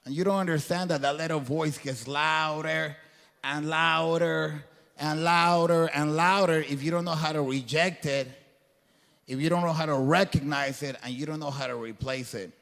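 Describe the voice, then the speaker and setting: A man's voice: fairly high pitch, fairly even intonation, moderate pace, vocal fry, a bit bright. Earnest preacher-like man in echoing hall. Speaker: guest speaker. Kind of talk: motivational faith talk. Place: event hall before a crowd. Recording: long hall reverb.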